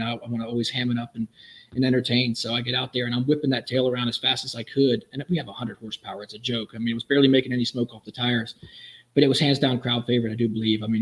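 A man who builds custom vehicles, telling animated, enthusiastic stories as a podcast guest. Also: medium pitch, low-quality recording. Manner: animated, enthusiastic, quick storyteller. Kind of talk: casual storytelling in a podcast interview.

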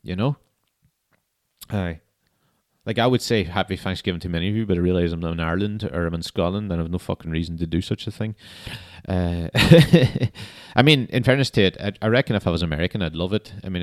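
Male, young adult, podcast host, casual solo chat, rambling, sweary, lowish voice. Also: fast. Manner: swears often, rambling and laid-back.

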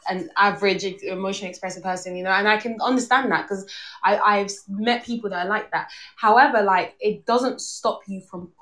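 A woman on a podcast panel, giving her view in a measured, thoughtful way. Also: mid-range voice, fairly bright tone. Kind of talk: casual chat. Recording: echoey room.

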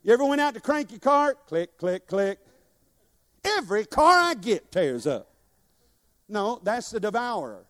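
A man's voice: very high-pitched, sing-song, moderate pace, a bit bright. A man preaching a sermon to a congregation, leading call-and-response and joking as he exhorts. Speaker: guest preacher. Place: church sanctuary. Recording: long church hall reverb.

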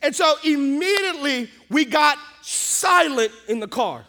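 Pastor, male, delivering a lively sermon story; voice sits unusually high. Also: measured pace. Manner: animated storytelling, acting out the scenes.

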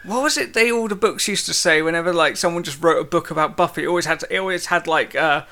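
A man's voice: on the high side, fast, pushed and bright. A man co-hosting a casual podcast, joking and teasing his partner. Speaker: podcast co-host.

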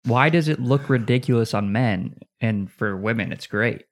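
A man's voice: mid-range voice, normal speed. A man co-hosting a podcast in casual chat, with a dry, wry way of talking. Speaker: podcast co-host.

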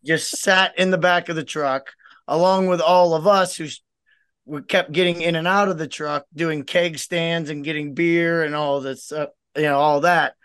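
A man's voice: on the high side, moderate pace, clean tone, dry recording. A man co-hosting a casual fishing podcast, telling a story with plenty of laughter and acting out what his father said. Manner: laughing storyteller, lively impressions of his dad. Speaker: podcast co-host; tournament organizer. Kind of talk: casual chat.

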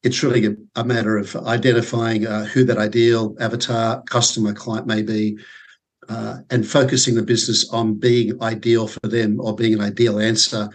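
A sales consultant in his forties with an Australian accent appears as a guest on an interview podcast, chatting casually. His fairly low voice is flat and moves at a normal speed, and he thinks aloud with many fillers and repeated words.

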